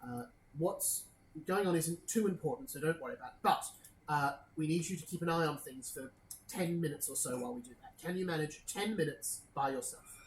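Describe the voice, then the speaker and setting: A woman voicing a stern older female paladin commander who gives brisk orders, in an echoey room. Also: sits low, close to an everyday voice. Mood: urgent. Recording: echoey room with faint noise.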